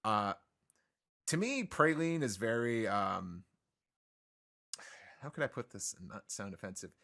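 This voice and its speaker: A man's voice: on the low side, animated, unhurried, creaky, a bit bright. A man hosting a podcast, chatting casually and reading listener mail with many fillers and restarts.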